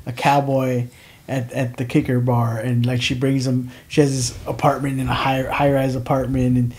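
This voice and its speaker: A man's voice: mid-range voice, flat delivery, moderate pace, darkish tone. A man, a comedian chatting on a podcast and telling stories in long, rambling runs full of restarts. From Houston area, Texas. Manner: rambling storyteller, heavy on "like" and restarts. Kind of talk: casual podcast chat.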